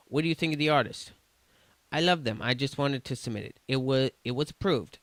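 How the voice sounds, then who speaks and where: A man's voice: medium pitch, a little fast, a bit bright, no echo. A man streaming, reading chat messages aloud in a casual, stumbling way with restarts and swearing.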